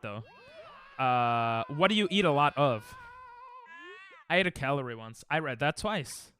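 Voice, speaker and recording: A man's voice: on the high side, expressive, brisk, a bit bright, slight background noise. A young man streaming a speedrun at home, rambling and joking with his chat as he plays. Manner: rambling, joking, talks to chat while playing. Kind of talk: casual live-stream chat while speedrunning.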